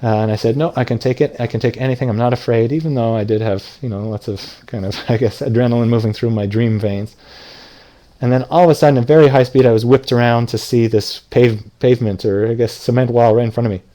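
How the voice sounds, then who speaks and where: A middle-aged man with a soft, mellow voice tells a dream to a live audience in easy conversational speech. He jumps into quoted lines with a lifted, livelier voice, then settles back into the story. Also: medium pitch, fairly even intonation, fast. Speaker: lucid dreaming teacher. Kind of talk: casual talk retelling a dream to an audience.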